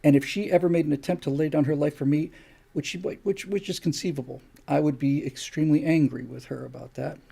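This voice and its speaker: An older man holds forth on his live stream, lecturing and firing off one rhetorical question after another. His voice is gravelly, husky and dark. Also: on the high side, fairly even intonation, a little fast. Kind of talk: opinion monologue on a live stream.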